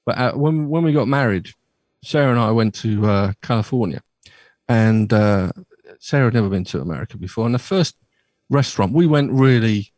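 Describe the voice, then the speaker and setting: A man's voice: fairly low pitch, expressive, moderate pace, darkish tone, dry recording. A middle-aged man from Bristol, hosting a casual radio chat and telling rambling stories with many restarts. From Bristol, England. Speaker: radio show host. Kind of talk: casual chat on a remote call.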